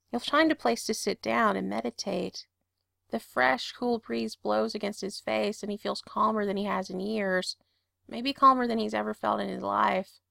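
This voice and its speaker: A woman narrating a story aloud in a calm, steady voice. Her tone has a gravelly fry to it. The recording is close and dry with no room sound. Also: medium pitch, no echo. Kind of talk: reading fan fiction aloud.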